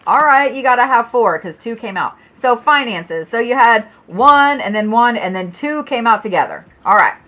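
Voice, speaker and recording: A woman's voice: a little high, expressive, moderate pace, hardly any pauses, bright, forceful tone. A woman giving a live tarot reading, talking in a blunt, casual way with plenty of swearing and filler words. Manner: casual, blunt and profane, chatty with viewers; frequent fillers and restarts. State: yawning, tired. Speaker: tarot reader.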